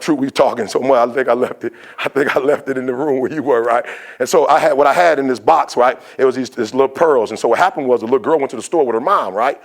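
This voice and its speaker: A man giving a motivational sermon, telling a story in a conversational, fervent preaching style. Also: medium pitch.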